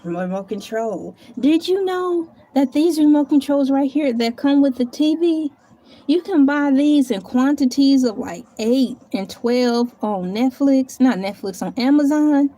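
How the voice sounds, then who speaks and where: A woman with a high yet dark-toned voice, animated but unhurried, live streams casually from home. Chatting away, she thanks viewers and talks to herself while searching her table and typing.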